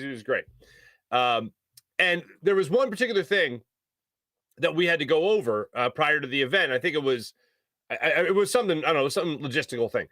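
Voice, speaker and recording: Man, high bright voice, animated storyteller, dry close studio sound. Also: no room sound. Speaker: sports radio host. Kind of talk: storytelling on a sports talk show. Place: radio studio.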